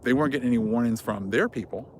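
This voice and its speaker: A man's voice: medium pitch, rapid-fire, slight background noise. A man hosting a religious commentary vlog, speaking fervently in casual slang and repeating himself for emphasis. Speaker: vlog host.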